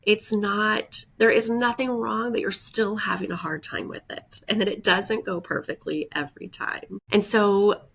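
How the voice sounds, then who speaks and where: Congested, husky woman podcast host. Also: medium pitch, steady tone, a little slow, hardly any pauses, fairly bright tone. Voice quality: breathes audibly with heavy sighs. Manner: earnest, encouraging, often adds "right?" and "like". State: congested from a head cold. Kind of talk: reflective self-help monologue.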